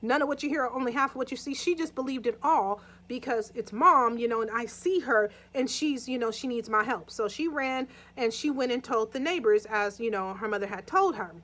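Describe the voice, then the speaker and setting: A young woman with a high voice tells a true crime story in a loose, chatty way. She keeps checking in with her listeners and acts out the scenes as she goes. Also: fairly quick, few pauses, a bit bright.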